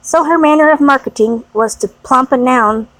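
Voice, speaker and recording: A woman narrating an audiobook in a measured, expressive reading. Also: high voice, no room sound, poor audio.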